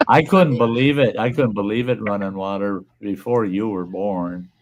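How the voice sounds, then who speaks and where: A man's voice: fairly low pitch, normal speed, a crowd in the background. A man hosting a casual online chat, telling a long farm story with plenty of swearing and acting out the people in it. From Upper Midwest United States. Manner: profane, animated storyteller acting out quoted people. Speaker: host.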